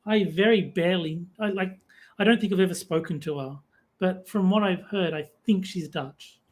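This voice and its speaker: A woman's voice: on the low side, moderate pace, darkish tone. An Australian woman co-hosting a podcast, chatting in an easygoing, hesitant way. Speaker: podcast co-host. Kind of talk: casual chat.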